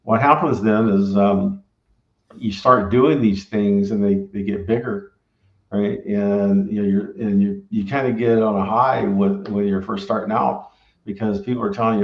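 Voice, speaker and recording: A man's voice: lowish voice, fairly even intonation, unhurried, gravelly. A man who owns a barbecue restaurant gives rambling, casual advice and keeps tagging his sentences with "right?". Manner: rambling, filler-heavy, keeps asking "right?". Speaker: restaurant owner and pitmaster. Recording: roomy, dull lo-fi sound.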